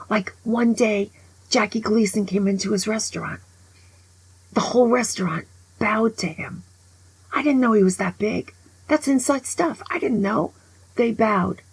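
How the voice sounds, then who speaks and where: A woman over sixty-five giving a casual, opinionated monologue as a vlogger. She is an animated, grumbling storyteller who often drops to a whisper. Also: fairly high pitch, a little slow, creaky, breathy edge, no room sound, low-quality recording.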